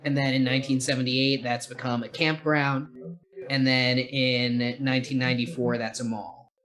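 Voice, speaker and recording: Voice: medium pitch, flat delivery, moderate pace, fairly bright tone. A podcast co-host in casual film review chat, rambling and opinionated, swearing casually.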